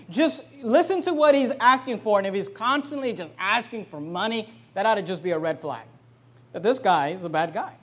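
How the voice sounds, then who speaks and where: A male pastor with a notably high-pitched voice delivers a fiery sermon in his church. He preaches emphatically, swinging between sudden loud, drawn-out declarations and quieter, conversational asides to the congregation. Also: animated. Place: church sanctuary.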